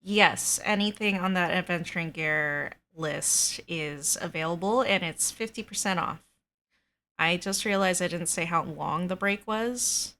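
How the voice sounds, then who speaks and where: A woman's voice: on the low side, gravelly, sharp tone. A woman, the dungeon master of a tabletop game, chatting casually with her players in a rambling way, full of fillers. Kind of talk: casual chat.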